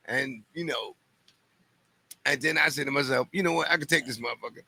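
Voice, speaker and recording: A man, a comedian guest, telling stand-up stories with sudden shouted punchlines and quick drops to a mutter. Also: mid-range voice, slightly rough. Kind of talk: animated storytelling.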